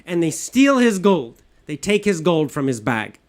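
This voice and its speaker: A man's voice: a little high, very animated, measured pace. A man retelling a story in plain, simple English with repeated phrases.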